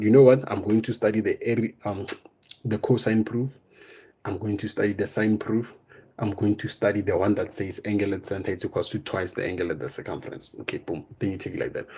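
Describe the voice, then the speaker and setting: A young man teaching math in a live online exam revision lesson, casual and step by step, often tagging on "right?" and "boom". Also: warm tone, husky. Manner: explains step by step, coaxing students.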